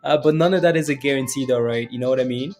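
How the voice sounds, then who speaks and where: A man with a mid-range, darkish voice talks fast in a laid-back livestream about crypto prices. He works through live comments and keeps finishing sentences with "right?", with faint music behind him.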